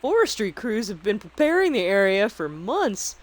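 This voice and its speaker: A man with a Canadian accent putting on a higher-pitched newsreader voice. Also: sing-song, normal speed. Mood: chirpy. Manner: exaggerated, chirpy newsreader delivery. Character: flirty high-voiced man reading the local news. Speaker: game streamer.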